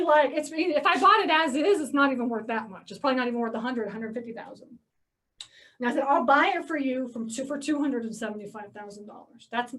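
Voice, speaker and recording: A woman's voice: high voice, a bit bright, distant mic. A woman telling a casual story to an audience about buying storage facilities, chatty and full of "like" and "okay?", acting out her phone calls. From Georgia, US. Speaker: real estate investor speaking at a meeting.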